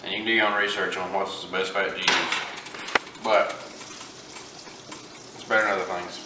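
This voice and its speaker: Frying and sizzling fill the background as this fishing channel host does a relaxed cooking vlog from his kitchen. His folksy voice sits low and stays level, at a normal speed. The recording is noisy and echoey, with the mic set far away.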